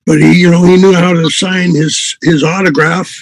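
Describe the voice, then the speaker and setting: A man's voice: high-pitched, level tone, moderate pace, gravelly, no room sound, poor audio. An older man, a musician and host, telling a story in a rambling, chuckling way with many fillers. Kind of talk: casual storytelling.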